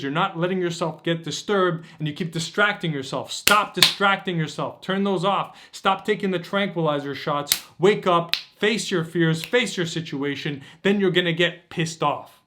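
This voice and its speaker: A man's voice: on the high side, a bit bright. A man giving a motivational dating-coach workshop talk, intense, preachy and profane.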